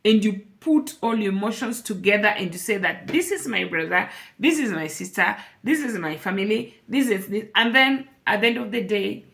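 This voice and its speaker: A woman's voice: medium pitch, lively intonation, moderate pace, vocal fry, few pauses, fairly bright tone. A woman speaking to camera in an emotional personal vlog, earnest and repeating phrases for emphasis. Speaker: vlogger.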